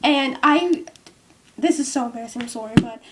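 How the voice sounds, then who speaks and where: A young woman talks to her viewers in a high, light voice. She rambles in easy casual chat, full of fillers and "like". It's recorded at home on a cheap microphone with its top broken off. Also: moderate pace, background noise. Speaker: vlogger.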